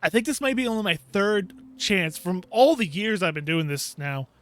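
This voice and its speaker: Exasperated and laughing, a male YouTuber tells the story of a terrible game he played, performing his own reactions as he goes and ranting casually in disbelief. He speaks at normal speed in a high, expressive, slightly bright voice.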